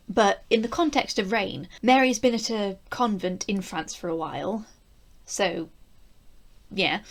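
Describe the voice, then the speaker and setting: Chatty English woman, East Midlands accent. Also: medium pitch. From England. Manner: chatty and wry, with asides. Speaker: video reviewer. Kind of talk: casual spoken review.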